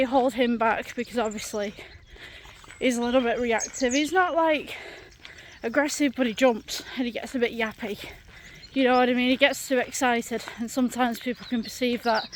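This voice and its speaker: British woman, fairly high voice, chatty and exasperated, outdoors walking, faint outdoor ambience. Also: slight background noise. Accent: British English. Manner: chatty, exasperated, lots of fillers. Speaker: vlogger. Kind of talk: ranting storytime vlog. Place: outdoors on a countryside path.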